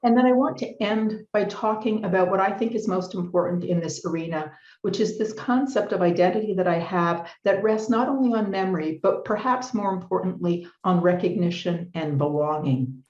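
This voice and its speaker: A middle-aged woman giving a formal lecture with slides at a conference, speaking in a measured, deliberate way and stressing key words. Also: mid-range voice, darkish tone. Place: conference hall. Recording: roomy, slightly muffled hall recording.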